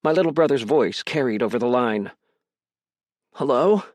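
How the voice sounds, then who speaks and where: A man reading a crime mystery audiobook in first person, with a measured, tense delivery. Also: medium pitch, darkish tone, no room sound. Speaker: audiobook narrator.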